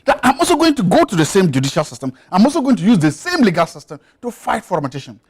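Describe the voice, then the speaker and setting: A man's voice: high voice, wildly swooping pitch, rapid-fire, husky. A man, a studio guest on a television talk show who makes his points emphatically and insistently, often repeating them.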